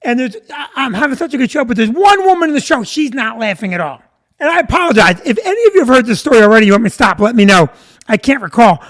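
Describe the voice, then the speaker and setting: A middle-aged comedian rambles through stories for viewers on a live stream, pausing to greet people by name. His voice is very high-pitched, a bit bright, expressive and fast.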